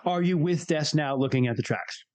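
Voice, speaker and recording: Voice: medium pitch, a little fast, darkish tone, no room sound. A laid-back game master describing a tabletop role-play scene. He talks plainly and repeats words as he goes. He has a mid-range voice, and the recording is close and dry.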